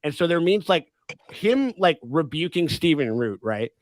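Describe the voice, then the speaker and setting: A man's voice: a little high, sing-song, normal speed, no room sound, studio quality. A man hosting a casual livestream chat about a TV show, rambling, laughing often and swearing freely. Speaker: podcast host.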